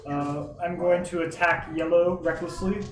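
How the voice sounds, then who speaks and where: A man with a fairly high voice casually calling out attacks and dice totals during a tabletop game. He is picked up from a distance in an echoey room with noise behind. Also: steady tone, normal speed, music in the background. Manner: casual, counts dice rolls aloud. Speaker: player.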